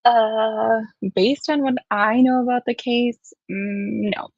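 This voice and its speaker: A woman's voice: on the high side, steady tone, takes it slowly, creaky, a little mellow, dry recording, highs cut off. A woman hosting a true-crime livestream, chatting casually and reading aloud, close to tears and poking fun at herself. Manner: chatty, self-deprecating, emotional while reading. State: near tears.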